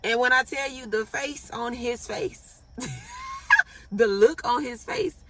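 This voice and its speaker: A young woman vlogger telling a storytime in a casual, animated and profane way. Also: fairly high pitch, unhurried, far from the mic, heavy background noise. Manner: animated, blunt and profane, laughs at her own story.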